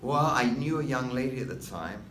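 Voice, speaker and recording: A man's voice: medium pitch, expressive, moderate pace, a bit bright, slight background noise. A man in his sixties from North London with an English accent, telling rambling stories to an audience with wry asides. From North London, England. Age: 60s. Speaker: master stylist, speaker. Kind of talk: anecdotal talk to an audience. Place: hall with an audience. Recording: echoey hall, mic at a distance.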